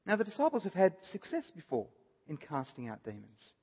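A man's voice: high voice, huge pitch swings, a little fast, husky. A man giving an earnest Bible study talk, explaining a passage and stressing points by repeating them. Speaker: Bible teacher. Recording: dull audio with long reverb.

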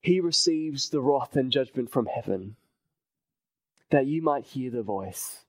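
A male preacher delivers a sermon at a slow, deliberate pace, leaning on repetition and sinking to a near-hush for emphasis. His voice sits at an ordinary middle pitch and is recorded dry and close, with no room sound. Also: lively intonation, no echo, low-quality recording.

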